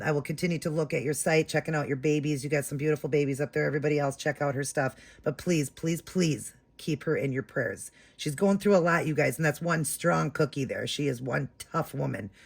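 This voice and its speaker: Gushing woman with a gravelly voice. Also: deep voice, fairly quick. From United States. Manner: gushing and affectionate, many fillers. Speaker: vlogger. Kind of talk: casual chat to camera.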